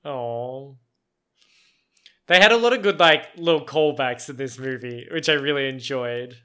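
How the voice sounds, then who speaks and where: A man's voice: mid-range voice, unhurried, bright, forceful tone, soft background music. A man with an Australian accent reacting to a film in casual chat, chatty and laughing often, with lots of fillers and some swearing. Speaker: movie reaction host.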